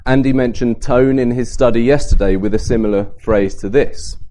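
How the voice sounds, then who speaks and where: A man giving a Bible talk at a camp, lively and varying his pace and emphasis to make points. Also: medium pitch, normal speed, hardly any pauses. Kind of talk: sermon to a youth camp.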